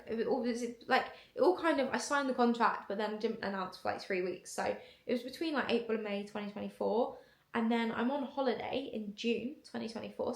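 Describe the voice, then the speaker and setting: A woman's voice: a little high, gravelly. A young woman telling a casual story to camera in a chatty way, full of fillers. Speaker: content creator. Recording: echoey room.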